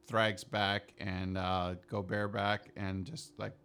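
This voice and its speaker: A man's voice: on the low side, flat delivery, slow, creaky, a bit bright, smooth. A man speaking as a player in a tabletop game, casual and affectionate.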